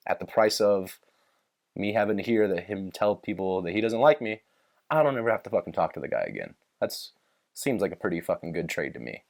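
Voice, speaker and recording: A man's voice: low-pitched, expressive, brisk, creaky. A young man hosting a podcast in casual chat, rambling and swearing freely as he works through his thoughts and retells movie scenes. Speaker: podcast host.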